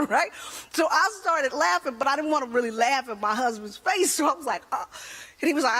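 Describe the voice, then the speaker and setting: High-voiced woman doing stand-up. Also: fast. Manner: animated storytelling with voices. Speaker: stand-up comedian. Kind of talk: stand-up comedy routine.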